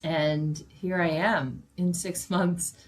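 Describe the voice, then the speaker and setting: A woman's voice: lowish voice, fairly even intonation, takes it slowly. A woman in her forties hosting her own podcast, chatty and emotional, a little jet-lagged, swearing casually as she talks. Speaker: podcast host and life coach. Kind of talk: casual solo podcast monologue.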